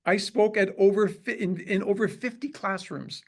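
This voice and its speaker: Canadian man in his 60s, pitched a bit high, interview guest, lively storyteller who acts out the dialogue. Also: moderate pace. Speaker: chiropractor guest.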